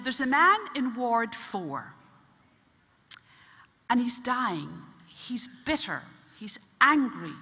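A religious sister telling a story to an audience in an earnest way, dropping to a hushed tone at grave moments. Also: female voice, fairly high pitch, breathy edge. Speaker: religious sister giving a spiritual talk. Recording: dull lo-fi recording in a reverberant hall.

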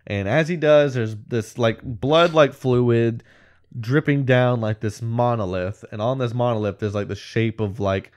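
A man's voice: medium pitch, unhurried. Rambling man recapping a movie. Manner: rambling, full of "like" and "whatever", laughs mid-sentence. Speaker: podcast co-host. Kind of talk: casual movie recap chat.

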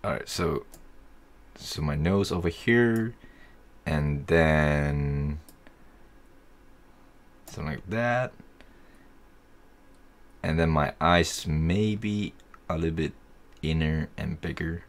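A young man casually talking through a software tutorial, thinking aloud as he works. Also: rumbling low, takes it slowly, pauses often. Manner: easygoing, thinking aloud while working. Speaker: tutorial host.

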